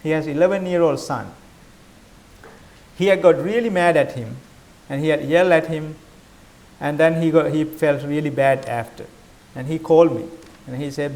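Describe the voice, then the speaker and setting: High-voiced monk giving a questioning dharma talk. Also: male voice, normal speed, a little mellow. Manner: questioning, conversational, non-native phrasing. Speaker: Buddhist monk teacher.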